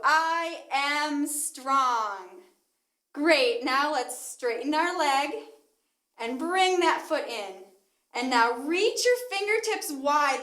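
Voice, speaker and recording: A woman with a high, bright voice guides toddlers through a yoga class. She talks slowly, in a cheerful sing-song. Her voice rings in an echoey room. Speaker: kids yoga instructor.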